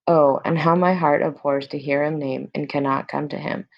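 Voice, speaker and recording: Brief: defiant young noble girl, read plainly by a woman, gravelly, lo-fi. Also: sits low, steady tone, normal speed, no echo. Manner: plain reading aloud.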